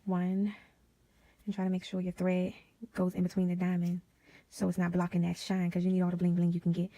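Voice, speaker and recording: A woman hosting a casual sewing tutorial, chatty and drifting into quiet whispered asides as she works. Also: lowish voice, monotone, brisk. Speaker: DIY sewing vlogger.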